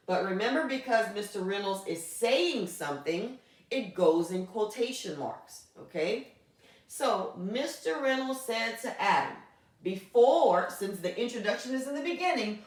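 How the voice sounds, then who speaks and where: A woman teacher explains a grammar lesson in a patient voice and often stops to check that her students follow. Her voice comes from some distance away in a strongly echoing room, and she slows right down to dictate words one by one. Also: mid-range voice. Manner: patient, checks in with frequent "okay?". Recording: echoey room, voice from off mic.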